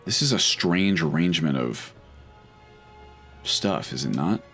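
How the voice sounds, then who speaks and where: A man's voice: deep voice, lively intonation, measured pace, a bit bright, soft background music. A man casually commenting while playing a video game, chatty and wry, thinking aloud as he goes. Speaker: let's play host.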